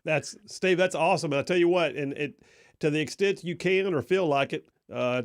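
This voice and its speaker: A man hosting live talk radio from a studio, energetic and folksy, restarting sentences often. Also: on the high side, moderate pace, no echo. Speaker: radio talk show host.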